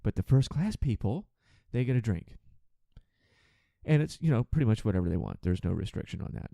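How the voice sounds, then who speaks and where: A man rants on a podcast about his flight attendant work, exasperated, sarcastic and swearing freely. His voice is mellow and dark, and it swings widely in pitch as he gets worked up. The recording is close and dry. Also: very animated, creaky, no echo. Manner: acts out passengers in quick put-on voices. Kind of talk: ranting monologue.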